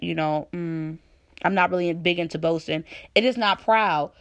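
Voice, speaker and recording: Candid woman sharing her faith. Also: fairly low pitch. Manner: candid, animated, conversational, with playful asides; reads scripture slowly and deliberately. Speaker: speaker sharing a faith testimony. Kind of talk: personal devotional talk.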